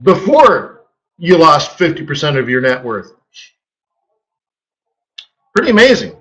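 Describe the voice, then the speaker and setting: High, bright-voiced man telling a story. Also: measured pace, dull audio. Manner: animated storytelling, chuckling, acting out quotes. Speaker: forex market strategist hosting a live webinar. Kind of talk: casual live webinar talk.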